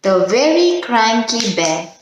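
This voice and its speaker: Woman teacher reading a storybook to small kids, unhurried and coaxing, with a strong room echo. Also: on the high side, big pitch swings, slight background noise. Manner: slow, gentle, coaxing, asks children questions. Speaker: children's teacher. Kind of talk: storytime and calming exercise for young children. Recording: very echoey room.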